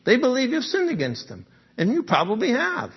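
A man's voice: very high-pitched, huge pitch swings, a little fast, breathy edge, muffled recording. A man preaching a sermon in a conversational way, often checking in with "okay?" and "right?" and chuckling as he talks. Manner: chuckles often while speaking. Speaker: pastor.

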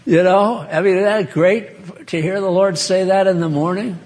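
A man's voice: high voice, steady tone, normal speed, darkish tone. A man preaching an informal sermon in a chatty, folksy way, laughing and speaking to listeners by name.

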